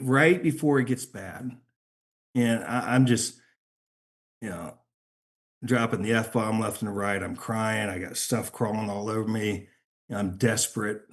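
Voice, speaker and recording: A middle-aged man, a podcast guest, telling a personal story in a halting, emotional way, often repeating words. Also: lowish voice, slightly rough.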